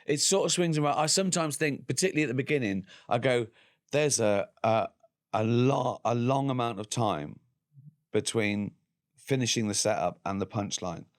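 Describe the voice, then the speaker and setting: English comic in his sixties, guest on a chat show; mid-pitched, chatty, slips into quoted voices. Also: moderate pace. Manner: acts out other people's lines in quoted voices; bursts into high loud laughter. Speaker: guest comedian. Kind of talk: casual chat.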